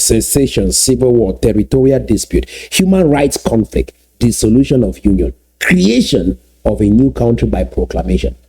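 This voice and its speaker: Emphatic man with a husky, dark voice. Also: medium pitch, expressive. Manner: emphatic, repeats key phrases slowly. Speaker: political commentator. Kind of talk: solo video commentary.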